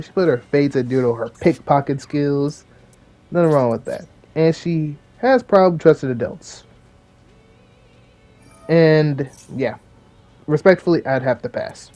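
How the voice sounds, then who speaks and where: A man's voice: fairly high pitch, lively intonation, moderate pace, mellow, soft background music. A young man hosting a casual commentary video, rambling with slang and lots of fillers. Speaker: video host.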